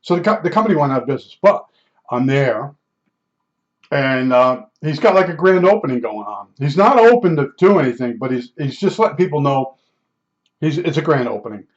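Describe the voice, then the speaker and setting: A man's voice: fairly high pitch, expressive, fairly quick. A man telling a rambling personal story in a casual way, full of restarts and asides. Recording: dull lo-fi recording.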